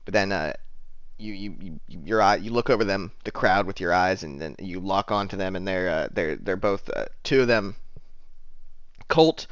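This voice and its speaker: A man narrating as game master of a tabletop game, halting and full of restarts. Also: sits low, lively intonation, a bit bright, dry recording, lo-fi sound. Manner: halting, many restarts and fillers.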